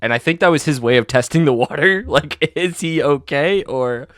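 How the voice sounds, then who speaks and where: A man's voice: mid-range voice, animated, fairly quick, no echo, clean studio sound. A young man co-hosting a podcast, telling a story in casual chat with lots of fillers and restarts. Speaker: podcast co-host.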